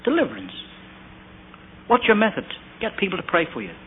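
A man's voice: high-pitched, wildly swooping pitch, fairly quick, slight background noise. Preacher man on a tinny old recording. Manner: storytelling with quoted asides and rhetorical questions. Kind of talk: sermon.

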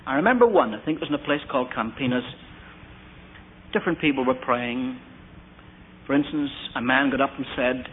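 A man's voice: mid-range voice, brisk, pauses often, husky. A man preaching an earnest, anecdotal sermon, putting questions to his listeners. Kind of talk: storytelling sermon. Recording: tinny lo-fi recording with faint hiss.

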